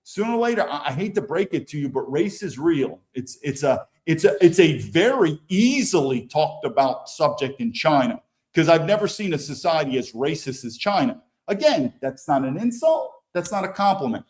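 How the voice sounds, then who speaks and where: An American man talks through news clips in an unscripted, rambling way. His voice sits fairly high for a man, and his opinions come out blunt, with frequent false starts and repeated words. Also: sing-song, moderate pace, hardly any pauses, a little mellow. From United States. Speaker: political commentary show host. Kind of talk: casual commentary over news clips.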